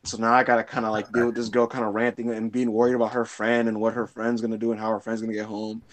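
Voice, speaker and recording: A young man hosting a casual chat, recapping a story in an animated way, full of "like" and bursts of laughter. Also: lowish voice, fast talker. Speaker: podcast host.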